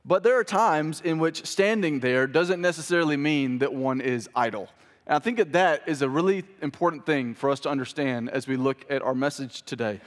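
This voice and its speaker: A man's voice: a little high, fairly quick. A man pastor giving a sermon in a church, casual and joking with the congregation. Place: church sanctuary. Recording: hall reverb.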